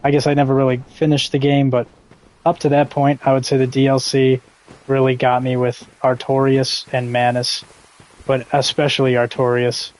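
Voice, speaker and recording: A man's voice: mid-range voice, monotone, normal speed, darkish tone, low-quality recording. A young man streaming a game live, chatting in a rambling, laid-back way with casual swearing. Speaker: gaming streamer. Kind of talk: casual live gameplay commentary.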